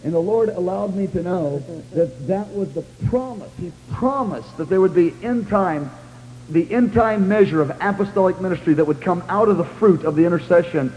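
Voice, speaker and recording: A man preaching a sermon and telling a story in an earnest, halting way, full of restarts, at times shouting as he re-enacts it. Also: high voice. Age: young adult. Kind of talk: sermon testimony. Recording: echoey hall with faint hum.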